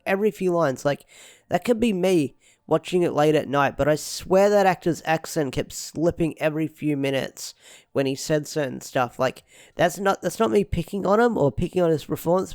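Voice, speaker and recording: Young man, casual rambling review, slightly high voice, smooth and dry close mic. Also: a little mellow, no room sound. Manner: rambling, repeats himself, lots of fillers. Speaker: show reviewer.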